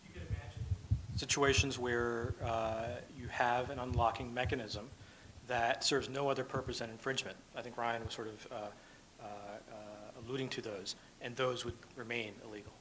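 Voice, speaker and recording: A man speaks on a conference panel, his voice bright and forward. He talks in halting runs, full of fillers and restarts. Faint room noise sits behind him. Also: mid-range voice, steady tone, poor audio. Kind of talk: panel discussion.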